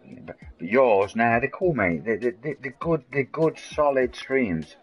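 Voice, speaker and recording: A man's voice: on the low side, expressive, a little fast, hardly any pauses, lo-fi sound, faint music behind. A man, chatting and rambling in a matey way to viewers of his game stream. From England. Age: 40s. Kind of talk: casual live-stream chat.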